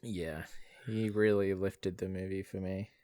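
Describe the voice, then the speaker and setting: A man's voice: deep voice, fairly even intonation, a little slow, darkish tone, no echo, clean studio sound. A man with an Australian accent co-hosting a podcast, recapping a movie in a rambling way with lots of fillers. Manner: rambling with fillers, uses "bloody" a lot. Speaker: podcast co-host. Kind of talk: casual movie recap chat.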